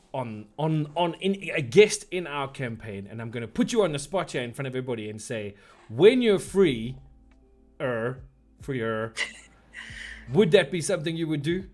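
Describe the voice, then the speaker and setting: A man hosting a casual live-streamed podcast, playful and quick to laugh as he reads chat comments aloud. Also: mid-range voice, a little mellow. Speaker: podcast host.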